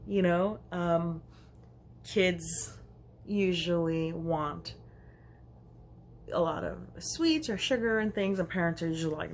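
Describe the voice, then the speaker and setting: A young woman telling a rambling storytime anecdote for her vlog, chatty and quick to laugh. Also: fairly low pitch, a little hiss or hum. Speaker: vlogger. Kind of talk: casual storytime.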